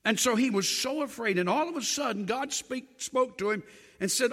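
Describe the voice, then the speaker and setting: A man preaching a sermon, telling Bible stories with animated storytelling and acting out the dialogue. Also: high voice, moderate pace, breathy edge. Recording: long hall reverb.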